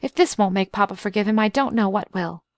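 A woman's voice: mid-range voice, fairly quick, dry recording, natural voice. A woman voicing an eager, adoring young girl who talks in an emphatic, breathless way, in a storybook reading. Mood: eager girlish.

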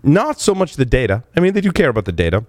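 A man's voice: medium pitch, fast, no echo. A man hosting a security podcast, talking casually with restarts while on the verge of losing his voice. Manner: energetic, rambling with restarts. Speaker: podcast host. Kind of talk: casual podcast talk and read ads.

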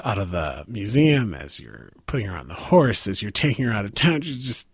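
A young man narrating as game master, unhurried, laughing often between lines. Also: on the low side, very animated, slightly rough, dry recording.

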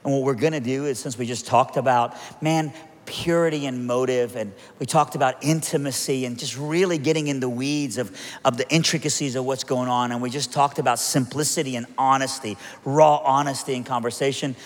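A man preaching a sermon, telling a story with lively acted-out quotes and joking asides before turning to prayer. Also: medium pitch, fairly quick. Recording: long hall reverb.

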